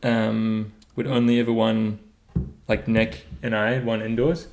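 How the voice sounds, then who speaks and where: A man's voice: fairly low pitch, flat delivery, a little slow, creaky, a little mellow. A young man with a New Zealand accent, co-hosting a casual podcast chat and laughing easily. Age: young adult. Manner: laid-back, laughs often. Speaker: podcast co-host.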